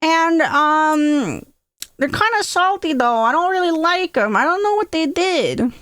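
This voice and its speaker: A woman's voice: high-pitched, animated, measured pace, fairly bright tone, no room sound, clean studio sound, pitched above the performer's own voice. A woman voicing her younger self as a confused, innocent little girl, puzzled and sing-song.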